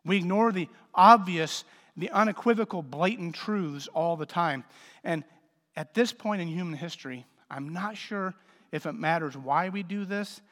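A man's voice: high-pitched, normal speed, a bit bright. A man preaching a sermon as pastor, conversational and joking, with sudden emphatic swells. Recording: reverberant hall.

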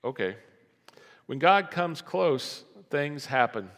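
A man preaching a sermon in a relaxed, conversational way, often repeating words and asking the congregation rhetorical questions. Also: a little high, slow, big-room sound. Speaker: pastor.

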